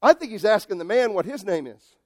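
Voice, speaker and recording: A man preaching a sermon who speaks straight to his congregation, moving between quiet asides and loud, emphatic bursts. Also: high-pitched, fairly quick, no room sound, clean studio sound. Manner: emphatic and animated, swinging between soft asides and loud outbursts; addresses the congregation directly and conversationally. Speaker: pastor.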